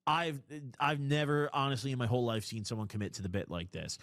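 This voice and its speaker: A man in his twenties hosting a call-in stream, telling a crude story in a rambling, animated way. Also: mid-range voice, quick pace, few pauses, dry recording, clean studio sound. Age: 20s. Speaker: call-in show host. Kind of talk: casual storytelling.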